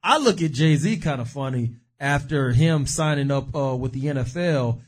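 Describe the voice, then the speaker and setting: A man's voice: medium pitch, animated, moderate pace. A man co-hosting a casual chat, rambling with lots of fillers and digressions. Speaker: podcast co-host.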